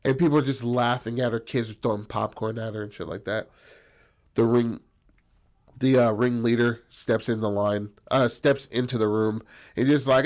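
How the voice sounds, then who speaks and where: A man's voice: medium pitch, steady tone, normal speed. A man casually telling a story on a podcast, rambling and profane with lots of fillers.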